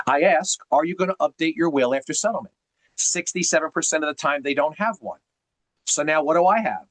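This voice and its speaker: A man's voice: a little high, a bit bright, no echo, low-quality recording. A man coaching on a group video call, teacherly and emphatic, firing off rhetorical questions. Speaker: sales coach.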